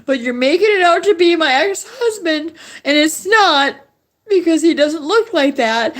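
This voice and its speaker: A woman's voice: sits high, moderate pace. A middle-aged woman on a livestream, rambling in an agitated, pleading monologue.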